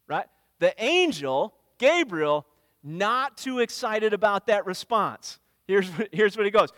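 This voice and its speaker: A man with a high voice delivers a sermon like a story told to friends, putting on quick voices for the people in it. His voice is close and dry on the mic, with a long reverb trailing behind it from the hall. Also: expressive, fairly bright tone. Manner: casual storytelling, acts out quotes. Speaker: pastor.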